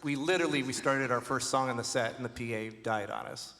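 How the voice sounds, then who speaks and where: A man's voice: mid-range voice, a little fast, a bit bright. A man in a band telling enthusiastic stories in casual chat. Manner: enthusiastic storyteller. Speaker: band member. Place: conference hall. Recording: reverberant hall.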